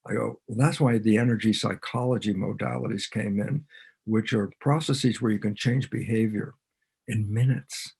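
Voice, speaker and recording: A man's voice: lowish voice, fairly even intonation, moderate pace, vocal fry, a little mellow, slightly rough. A man, a biologist guest on a podcast, explaining ideas in conversation and animatedly acting out both sides of imagined dialogues.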